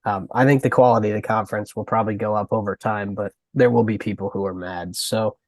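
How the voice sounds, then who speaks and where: Low-voiced man in dry casual chat. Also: steady tone, fast, no room sound. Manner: hesitant, restarts and "like" fillers. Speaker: podcast co-host. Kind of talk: casual sports podcast talk.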